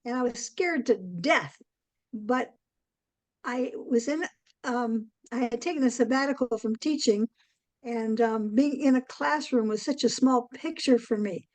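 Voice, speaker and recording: An older woman, a guest in an interview, telling a long story in a rambling way, with many pauses and "um"s. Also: on the high side, darkish tone, no echo, low-quality recording. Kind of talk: casual interview chat.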